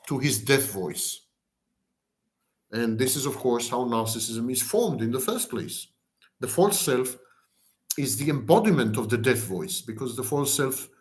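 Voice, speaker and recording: A man giving an explanatory lecture, piling words into long rhythmic lists. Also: medium pitch. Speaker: lecturer on narcissism.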